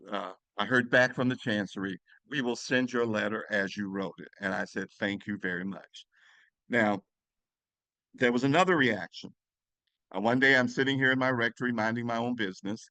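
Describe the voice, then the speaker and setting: Man, catholic priest, earnest storytelling, bright forceful voice. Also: fairly low pitch, dry recording. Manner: earnest, emphatic, with pauses and restarts. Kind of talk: storytelling talk.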